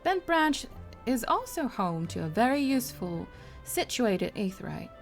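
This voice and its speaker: A woman reading a formal, courtly quest-giver in a measured way over game music. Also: fairly high pitch, sing-song, pitched above the performer's own voice. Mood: courteous.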